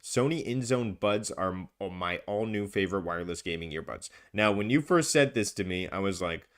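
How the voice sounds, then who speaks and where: A man's voice: lowish voice, expressive, normal speed. A man co-hosting a gaming podcast in a casual, chatty way, with plenty of ums and uhs. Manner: chatty, filler-heavy, upbeat. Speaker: podcast co-host.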